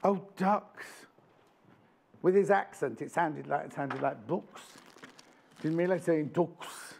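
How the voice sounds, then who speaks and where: A man's voice: a little high, slow pace, vocal fry, slight background noise. A man presenting on a live shopping channel, chatting with enthusiasm and jokes. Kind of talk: live TV sales chat. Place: TV studio.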